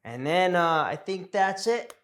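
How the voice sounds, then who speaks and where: A man's voice: sits high, expressive, measured pace, a bit bright. A young man teaching an English pronunciation lesson, speaking carefully and encouragingly and drawing out example words for learners to repeat.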